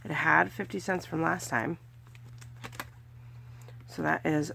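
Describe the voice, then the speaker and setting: A budgeting vlogger from California speaks slowly in a low, creaky voice with a sharp tone and fairly even intonation, over slight background noise. Casually narrating her cash challenges, she's chatty and counts money aloud with small cheers.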